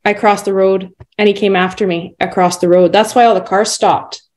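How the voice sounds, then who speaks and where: Lively Canadian woman telling a story. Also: medium pitch, normal speed, rough recording. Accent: Canadian English. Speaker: guest karate instructor. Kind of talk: casual podcast conversation.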